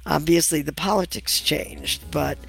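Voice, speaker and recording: An older woman talks as an interview guest in a wry, amused tone. Her voice sits low with a gravelly edge. The sound is dry and close. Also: unhurried, a bit bright, no room sound, faint music behind. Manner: wry, amused, laughs while telling stories. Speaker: author and nutritionist guest. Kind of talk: conversational interview.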